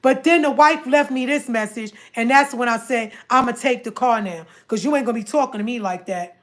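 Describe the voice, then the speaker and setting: A woman telling a personal story to her viewers in a casual, animated way, often acting out what others said. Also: a little high, brisk. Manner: animated, repeats herself, quotes others in dialogue.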